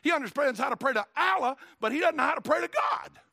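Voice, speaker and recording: A man with a Southern US accent voicing a stern, blunt ancient governor who gives forceful commands. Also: on the high side, big pitch swings, fast talker, vocal fry, dry recording, clean studio sound, heavily acted. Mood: indignant.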